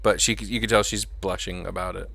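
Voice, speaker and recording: Guy running a tabletop game as dm, rambly, lots of ums, bright voice. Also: low-pitched, fairly even intonation, a little fast, vocal fry, no echo. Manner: rambling, laughing often, many fillers. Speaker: game master.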